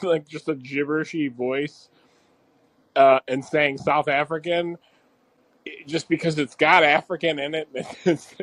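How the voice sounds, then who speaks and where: A man's voice: on the high side, little pitch movement, a little slow, a bit bright, no echo. A young man co-hosting a podcast in casual chat, rambling, laughing often and swearing freely. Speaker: podcast co-host.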